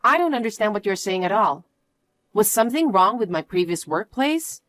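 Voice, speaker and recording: A woman's voice: mid-range voice, expressive, normal speed, a bit bright. A woman telling a story in the first person and voicing its lines as the main character, in an earnest, easily surprised manner. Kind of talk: storytelling with acted dialogue.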